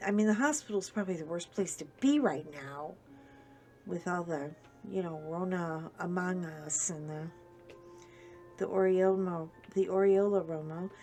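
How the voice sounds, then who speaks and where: A woman's voice: on the low side, measured pace, mellow, soft background music. A woman vlogger chatting casually to viewers while she works on a craft project, rambling along with self-deprecating humor.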